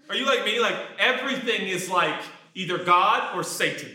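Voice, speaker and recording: A man preaching a sermon, animated, jumping from shouted lines to quiet asides. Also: sits high, normal speed, hardly any pauses. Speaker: pastor. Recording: echoey room.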